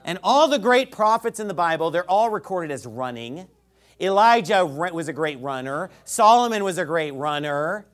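A male pastor preaching a sermon, sarcastic and mocking, swinging from quiet explanation to shouting. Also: fairly high pitch, animated, moderate pace.

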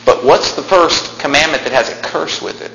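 A male pastor preaching a sermon in a church, emphatic, with animated asides. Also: a little high, moderate pace, gravelly. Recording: echoey room with faint noise.

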